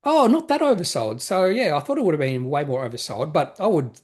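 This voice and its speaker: This investing-channel host has a fairly high, husky, darkish voice with big pitch swings, talking a little fast. He reads viewer questions and gives casual market commentary, rambling and correcting himself amid lots of fillers.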